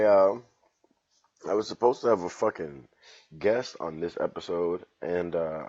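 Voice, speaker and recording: A freshly woken man rambles through a solo comedy podcast, sarcastic and full of swearing. His voice is very deep and husky, jumping from loud outbursts to mumbled asides. The recording from his home sounds dull and lo-fi. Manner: profane, sarcastic, drifting between loud bursts and mumbling. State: just woke up, yawning.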